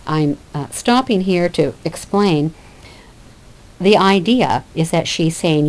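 Woman teacher going through a play, lowish voice, lots of ups and downs. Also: expressive, slow, low-quality recording. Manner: conversational, explains with asides. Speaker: literature teacher. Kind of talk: lecture reading and explaining a play.

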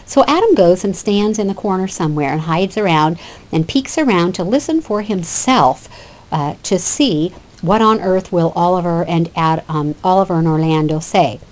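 A woman's voice: on the low side, lively intonation, normal speed. Woman lecturing on a classic play. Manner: explanatory, with fillers and restarts. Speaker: literature teacher.

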